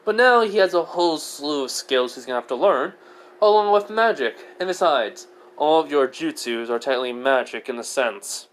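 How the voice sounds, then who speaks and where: A man's voice: fairly high pitch, expressive, moderate pace, a little hiss or hum, rough recording. Man rambling through a fan story. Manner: rambling, filler-heavy, self-correcting. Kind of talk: casual fan fiction storytelling.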